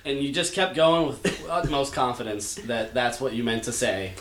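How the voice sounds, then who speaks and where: A man's voice: mid-range voice, expressive, moderate pace, fairly bright tone, reverberant, a little hiss or hum. A man co-hosting a podcast in casual banter, teasing his friends and repeating a catchphrase. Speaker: podcast co-host.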